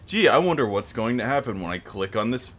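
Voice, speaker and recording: A man's voice: medium pitch, animated, brisk, fairly bright tone. A man streaming a game, chatting casually and joking, often breaking off mid-sentence. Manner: laid-back, joking, trails off mid-sentence. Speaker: streamer playing a visual novel. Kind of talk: casual live-stream chat.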